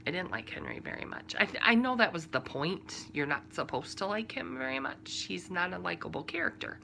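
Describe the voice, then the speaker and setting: A low-pitched woman with a bright, forward tone chats casually as a podcast host at home. She rambles along with fillers and quiet asides, and a faint hiss sits behind her voice. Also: big pitch swings, fairly quick, vocal fry. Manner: chatty and rambling, full of fillers and soft asides. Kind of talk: casual chat about books, TV and crafting.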